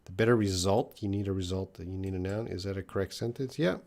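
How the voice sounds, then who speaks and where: A fast-talking English teacher with a slightly low voice and vocal fry leads a live lesson. He reads viewers' questions aloud in turn and answers plainly, thinking out loud and hedging with fillers.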